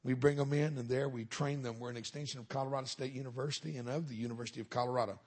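A man's voice: mid-range voice, fairly even intonation, very fast, darkish tone. A middle-aged man, a minister giving a humorous testimony sermon in a folksy storytelling way with punchlines.

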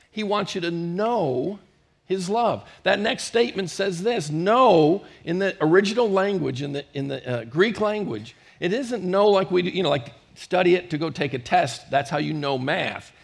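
A middle-aged male pastor preaching a storytelling sermon, swinging from loud bursts to hushed moments. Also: high voice, gravelly.

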